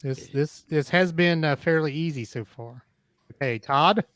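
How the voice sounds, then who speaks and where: A man's voice: a little high, measured pace, fairly bright tone, dry recording. A man hosting a podcast quiz game, easygoing, reading out questions and laughing along.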